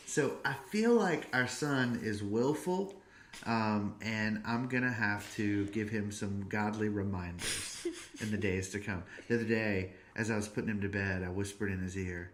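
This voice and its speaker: A man's voice: lowish voice, slight background noise. A man in his thirties hosting a podcast, chatting casually in a playful, joking way and stretching out his stories. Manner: playful and joking, drawn-out storytelling. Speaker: podcast host. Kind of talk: casual chat.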